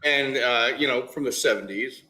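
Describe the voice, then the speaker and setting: A man's voice: medium pitch, moderate pace, noisy background. A man, talking in a casual chat, ranting and often stopping to restart his sentences. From New York, the Bronx.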